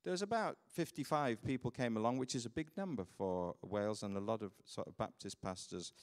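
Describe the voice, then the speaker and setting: Brytyjski pastor opowiadający historie. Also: male voice, on the low side, fairly quick, big-room sound. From United Kingdom. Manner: storytelling, animated, laughs at his own stories. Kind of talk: sermon with personal mission stories.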